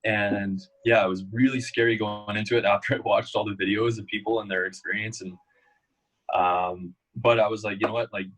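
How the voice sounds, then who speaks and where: A young male guest with a low, husky voice rambles loosely through long stories, stuffing them with "like" and "uh" at a moderate pace. It feels like a laid-back, casual interview, though the audio is poor.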